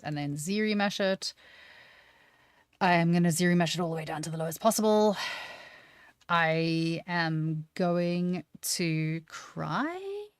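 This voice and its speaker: A woman's voice: low-pitched, dry recording. A woman teaching 3D sculpting on a live stream, chatting casually and poking fun at herself as she works things out aloud. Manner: thinks aloud, self-deprecating, chatty.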